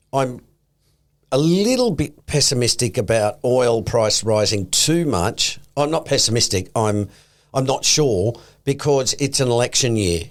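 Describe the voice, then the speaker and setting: A man co-hosting a podcast, thinking aloud and hedging his points in casual chat. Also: mid-range voice. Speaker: podcast co-host.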